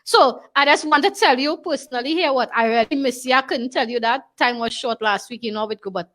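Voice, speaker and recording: A woman with a Tobago accent hosts a studio talk show. She talks straight to the audience and slips easily into dialect. Her voice sits high. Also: brisk, a bit bright. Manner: chatty, addresses the audience in dialect. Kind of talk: lively studio show hosting.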